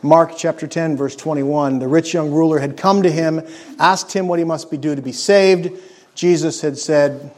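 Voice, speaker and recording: A male preacher with a fairly high voice delivers a sermon in an earnest, emphatic way. He lets his voice fall to a near hush on key words. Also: normal speed. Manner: earnest, emphatic preaching with dramatic drops in volume; acts out scripture quotes in character voices.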